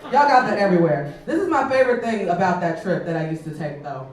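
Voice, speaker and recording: On a comedy club stage, this stand-up comedian from Chicago talks fast in a lowish voice. She's animated and profane, her set conversational and packed with fillers, recorded from far off in an echoey room.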